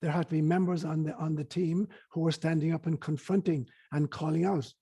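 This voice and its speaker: Male guest, earnest storyteller, husky and a bit high. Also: fairly even intonation, fairly quick, dark tone. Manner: earnest, hesitant fillers, storytelling. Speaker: guest speaker on spirituality. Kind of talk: reflective storytelling interview.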